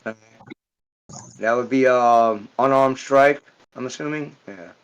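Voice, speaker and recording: A man playing a tabletop game sounds hesitant and keeps asking about the rules. He speaks slowly in a mid-range voice with a clean tone, though the recording is muffled.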